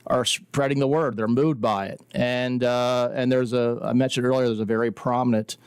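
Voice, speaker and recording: Earnest man, crisp dry voice. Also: medium pitch, fairly even intonation, moderate pace, no room sound. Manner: earnest, talkative, many fillers. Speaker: guest. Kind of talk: radio interview.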